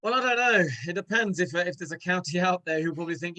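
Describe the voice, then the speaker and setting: A man's voice: high-pitched, expressive, fast talker, bright, forceful tone, poor audio. A man who is a former cricketer, a guest in a casual interview, speaking hesitantly with many restarts and fillers.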